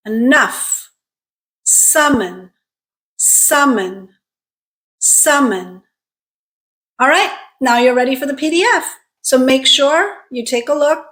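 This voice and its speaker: A woman teaching English pronunciation, slowly and clearly modeling sounds and words for learners to repeat. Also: high-pitched, fairly bright tone. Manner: slow, clearly articulated drilling of words. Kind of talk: pronunciation lesson with repeat-after-me drills.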